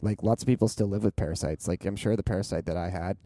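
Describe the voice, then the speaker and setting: A man's voice: low voice, fast, warm tone. A young Canadian man hosting a podcast, chatting casually in a rambling, laid-back way with plenty of swearing. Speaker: podcast host. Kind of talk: casual chat.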